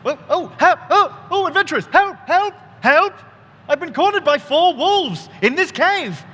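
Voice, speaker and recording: A man voicing a male bird-man cornered by wolves, shouting frantically for help in a high voice. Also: expressive, measured pace, in a large hall, exaggerated voice. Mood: pleading.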